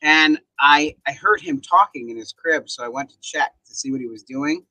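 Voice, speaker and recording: A man in his forties, a comedian guest telling stories in casual chat, deadpan asides. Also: on the high side, moderate pace, dry recording, rough recording. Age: 40s.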